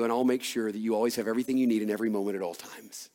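A man's voice: mid-range voice, steady tone, racing, darkish tone, in a large hall. A man preaching a sermon as a pastor, earnest and personal, repeating key phrases for emphasis.

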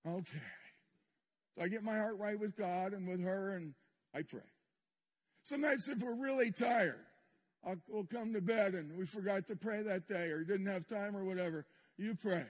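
Older man preaching, high husky voice. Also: normal speed. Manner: candid, self-deprecating storytelling with humor. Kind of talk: sermon storytelling. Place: church sanctuary with congregation. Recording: long reverb in a large hall.

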